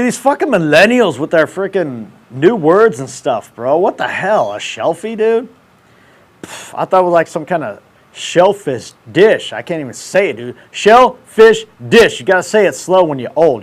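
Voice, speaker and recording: A man in his thirties hosting a casual livestream, ranting in brash, profane, slangy banter. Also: fairly high pitch. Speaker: show host.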